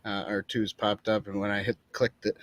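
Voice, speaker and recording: A man's voice: on the low side, little pitch movement, normal speed, no room sound. A man co-hosting a live podcast, chatting casually and stumbling over names while reading comments aloud. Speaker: podcast co-host. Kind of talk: casual live-stream chat.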